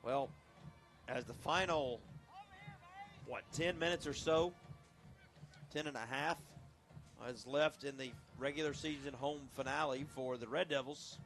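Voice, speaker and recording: A man doing play-by-play for a local high school football game on radio, lively and chatty, joking at himself between plays. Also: measured pace, long pauses, faint music behind. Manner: lively, chatty, self-deprecating. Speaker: play-by-play announcer.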